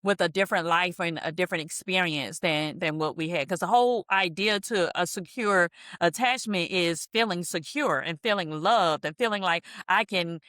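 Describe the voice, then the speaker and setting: A woman's voice: fairly low pitch, normal speed, few pauses, fairly bright tone, no echo, studio quality. A woman counselor and minister speaking as a podcast guest, explaining earnestly in a teacherly way. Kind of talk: candid podcast conversation.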